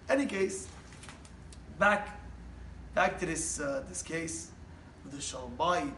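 Man storyteller, high voice, animated, roomy echo, far from the mic. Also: slow, long pauses, a little hiss or hum. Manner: lively, acts out every part of the story. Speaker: storyteller giving a talk. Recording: roomy, distant mic, faint ambience.

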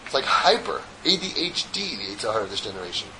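A man giving a Torah lecture to a group as rabbi, an animated storyteller who slips in jokes. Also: lowish voice, quick pace, slight background noise, rough recording.

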